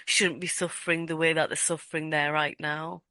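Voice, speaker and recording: A woman's voice: sits low, level tone, fairly quick, sharp tone, no room sound. A woman with a Geordie accent hosting a podcast, talking earnestly and gratefully with a light teasing streak. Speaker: podcast host. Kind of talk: casual podcast conversation.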